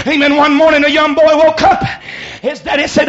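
A man preaching a shouted sermon in church, whooping and calling on the congregation to respond. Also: very high-pitched, monotone, brisk, dull audio. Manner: hollers and whoops, calls for response. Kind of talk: shouted Pentecostal-style sermon with storytelling.

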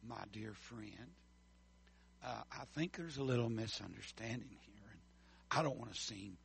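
A man's voice: lowish voice, measured pace, gravelly, fairly bright tone, a little hiss or hum, voice pushed down. A man voicing a resentful male disciple who murmurs with mock politeness and hesitation. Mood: falsely humble.

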